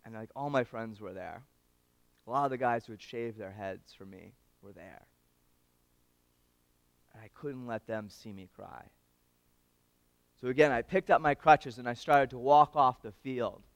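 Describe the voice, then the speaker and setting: A man giving a storytelling speech at an awards event, animated and swinging between loud and hushed moments, talking straight to the audience. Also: mid-range voice, a little slow, pauses often, dry recording. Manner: addresses the audience directly.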